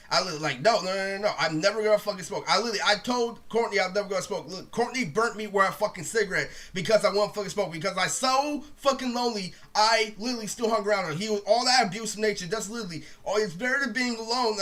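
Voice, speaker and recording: Fast, bright-voiced young man ranting. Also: sits high. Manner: profane, rambling, says "literally" constantly. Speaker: vlogger. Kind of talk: casual storytime rant.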